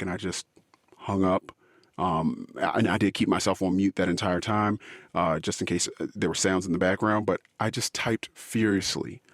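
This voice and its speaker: A man hosting a podcast, telling a personal story in an earnest, aggrieved way, with frequent pauses and fillers. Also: low-pitched, no echo, studio quality.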